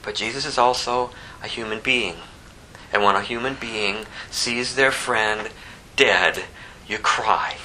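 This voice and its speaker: A man preaching a sermon, moving between impassioned rising emphasis and hushed, slower scripture reading. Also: on the low side, slight background noise, poor audio. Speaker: pastor.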